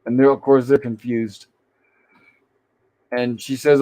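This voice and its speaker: A man's voice: medium pitch, steady tone, moderate pace, pauses often, warm tone, rough recording. A man hosting a casual review show, retelling old sitcom scenes and quoting the characters in his own voice. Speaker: host. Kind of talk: casual episode recap, reading scenes aloud.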